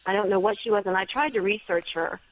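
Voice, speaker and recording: Woman, guest author, casual storytelling, animated, quotes others, dull lo-fi audio. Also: medium pitch, quick pace, dry recording.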